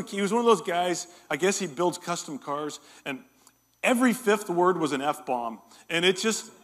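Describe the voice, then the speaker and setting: Man, middle-aged, pastor, sermon, animated storyteller, slightly high pitch. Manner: animated storytelling, jokes with the congregation. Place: church hall.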